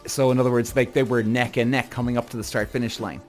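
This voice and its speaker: A man hosting a podcast, reacting to a TV show in an excitable way, swearing freely and jumping up and down in pitch. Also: quick pace, soft background music. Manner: excitable, profane, big pitch swings. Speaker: podcast host. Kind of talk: TV reaction commentary.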